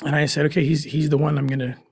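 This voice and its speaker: A man recounts his past fieldwork as a guest in an interview, his voice a little higher than most men's. He is earnest and emotional, pausing and starting over as he goes. The sound is dry and close, with no room around it. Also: flat delivery, darkish tone, husky, no room sound. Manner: earnest and emotional, with restarts and pauses. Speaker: guest, former special agent. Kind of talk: personal story told in an interview.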